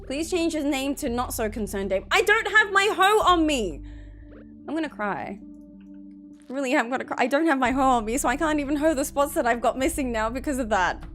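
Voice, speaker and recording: A woman streamer talks over her gameplay in a rambling, chatty flow. Her voice sits a little high, and she complains in a joking, exasperated way. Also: brisk, soft background music. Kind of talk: gameplay commentary.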